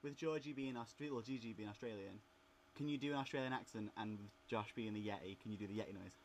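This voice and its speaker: A man's voice: fairly low pitch, fast. Sassy man, faint hiss behind. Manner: sassy and catty. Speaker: co-host interviewer. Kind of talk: casual interview chat.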